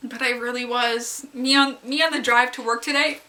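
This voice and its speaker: A young woman giving a casual, rambling review of a story she loved, excitable and giggly, jumping into high squeals when she acts out her own reactions. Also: moderate pace, heavy background noise. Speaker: fanfic reviewer.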